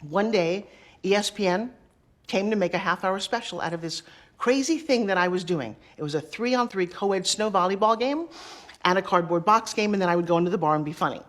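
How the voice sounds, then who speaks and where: A middle-aged woman telling career stories in an interview, acting out the dialogue with quick asides. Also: mid-range voice. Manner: lively, acts out quoted dialogue, quick asides. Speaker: interview guest. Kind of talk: animated storytelling.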